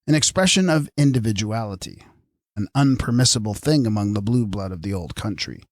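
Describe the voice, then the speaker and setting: A man narrating a story aloud in a measured storytelling reading. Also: fairly low pitch, expressive, no echo. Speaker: audiobook narrator. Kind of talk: scripted narration.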